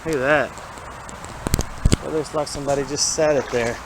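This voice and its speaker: A man's voice: medium pitch, steady tone, normal speed, heavy background noise. A man with a Southern US accent, rambling in a folksy way as he wades a creek and talks through the junk he finds. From Alabama. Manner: rambling, folksy, thinks aloud about his finds. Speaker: vlogger exploring a creek. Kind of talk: casual walking narration. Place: outdoors wading in a city creek. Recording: outdoor camera audio with running water.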